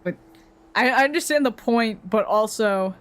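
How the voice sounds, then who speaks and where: Young woman, casual stream rant, profane and rambling, a touch high-pitched. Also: normal speed, a bit bright. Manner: rambling, profane ranting with frequent laughs.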